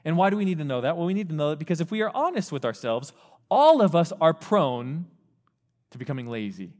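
Animated man preaching in an echoing hall. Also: fairly high pitch, fairly quick. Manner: animated, acts out quoted voices of parents and teens. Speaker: youth pastor. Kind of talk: sermon. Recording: long reverb of a hall.

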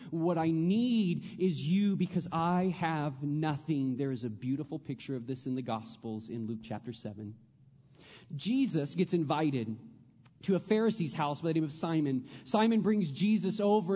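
A man preaching a sermon as pastor, earnest, repeating phrases and dropping to a hush on prayers. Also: high voice, in a large hall, lo-fi sound.

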